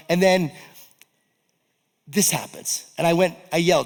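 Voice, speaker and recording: A man's voice: fairly high pitch, a little fast, gravelly. Man telling a story in a reverberant event hall. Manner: animated, acts out his own quoted lines. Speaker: keynote speaker. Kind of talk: motivational keynote storytelling.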